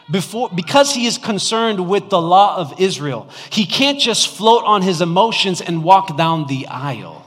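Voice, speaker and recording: A man preaching from the pulpit of a church, chatty with his congregation and quick to burst into loud mock outbursts before dropping to an earnest hush. His voice sits a bit high for a man. The sanctuary carries a long, ringing reverb. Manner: animated, shifts from loud mock-shouting to hushed earnestness; conversational, asks the congregation questions. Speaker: pastor. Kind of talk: sermon.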